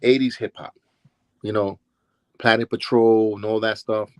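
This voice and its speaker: His voice lowish and his delivery flat and unhurried, an older man from Brooklyn, New York, shares casual stories in an interview. The guest, a former DJ and dancer, acts out quoted people with voice changes, and there's no room sound.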